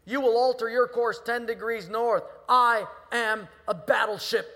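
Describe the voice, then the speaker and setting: A man playing a pompous male navy admiral who barks orders in a booming voice. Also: fairly even intonation, measured pace, pushed and bright, full character voice. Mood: commanding. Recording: long reverb in a hall.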